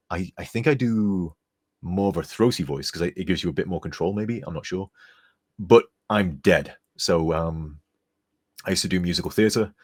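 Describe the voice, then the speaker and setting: A young man chatting casually on a live stream, rambling and reading donor messages aloud. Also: sits low. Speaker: streamer and modder.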